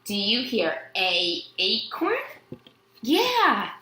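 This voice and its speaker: A woman's voice: medium pitch, wildly swooping pitch, very slow, bright, forceful tone, roomy sound. A woman teaching a phonics lesson to young children, stretching out words and sounds and answering her own questions in a sing-song way.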